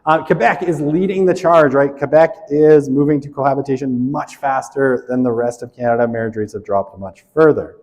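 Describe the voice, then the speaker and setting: A man's voice: medium pitch, normal speed, hardly any pauses, a little mellow, big-room sound. A male instructor running a class quiz review, reading questions aloud and joking with students.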